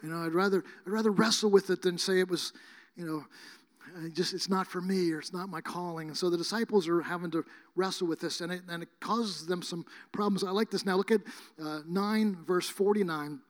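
A man with a high voice preaches a sermon, telling his stories in a loose, rambling way full of fillers and restarts. He gets emphatic at times and pushes his voice close to a shout. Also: fairly even intonation, a little fast. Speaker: guest preacher.

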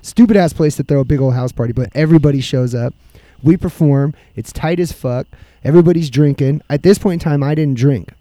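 Brief: casual profane storyteller, male, mellow tone, dry room. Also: a little high, brisk, no room sound. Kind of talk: casual storytelling among friends.

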